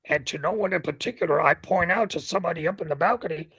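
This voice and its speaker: An older man with a gravelly, husky voice, a ring announcer telling stories as an interview guest and acting out the scenes. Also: fairly high pitch, fast talker, no echo, low-quality recording. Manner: lively storyteller who acts out scenes. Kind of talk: animated anecdote telling.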